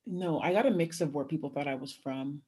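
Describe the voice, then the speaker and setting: A young woman from California, a guest in a casual interview, telling animated stories and acting out quotes with laughter. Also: low voice, brisk, breathy edge. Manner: animated storyteller, acts out quotes, laughs often. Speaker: guest, athlete.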